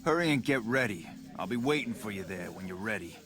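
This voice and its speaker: An actor playing a blunt, tough-talking mob underling who plots to take over. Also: male voice, lowish voice, expressive, brisk, fairly bright tone. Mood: confident. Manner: tough-guy, blunt, conspiratorial. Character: scheming male mob underling plotting a takeover. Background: game music.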